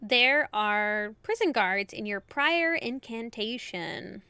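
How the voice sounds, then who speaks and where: A woman's voice: on the high side, lively intonation, pushed and bright, clear, resonant tone, no room sound, full character voice. A woman doing a smug southern-belle fortune teller. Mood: smug mystic. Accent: put-on American Southern. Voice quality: slow southern twang. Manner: mystical, condescending, drawn-out.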